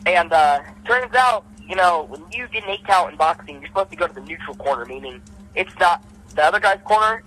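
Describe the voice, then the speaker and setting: A young man, an amateur boxer, telling his story in casual podcast chat, acting out his punches with repeated sound effects. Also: poor audio. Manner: animated, acts out punches with repeated "boom".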